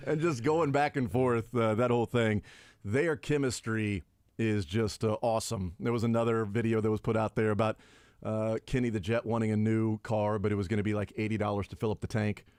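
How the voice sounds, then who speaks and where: A man hosting a sports radio show, chatting casually and retelling stories with lively energy. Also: a little fast, clean tone, dry recording, studio quality. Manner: animated storyteller, acts out quotes with big pitch jumps.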